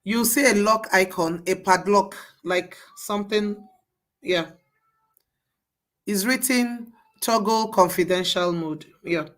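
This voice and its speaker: A woman teaches a live tech class at an unhurried pace. She coaxes her students through each step, repeating directions until everyone catches up. Her voice sits at an ordinary middle pitch. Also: fairly bright tone. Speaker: bootcamp instructor.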